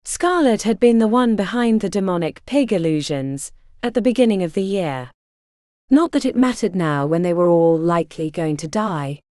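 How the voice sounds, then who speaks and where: A woman narrates a fantasy audiobook, telling the story expressively in a lowish voice at a moderate pace. It's scripted narration, recorded cleanly in a studio with no room sound.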